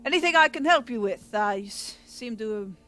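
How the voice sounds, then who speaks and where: Polite fussing king in a tabletop game, somewhat high voice, faint music underneath, a woman plays him. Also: animated, normal speed, fairly bright tone. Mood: apologetic. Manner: polite, fussing, over-apologizing. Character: apologetic, flustered male king.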